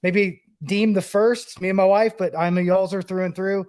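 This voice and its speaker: A man's voice: sits high, fairly even intonation, moderate pace, darkish tone, smooth. A man from the Southeastern US co-hosting a casual podcast as a former baseball player, speaking in an earnest, enthusiastic way.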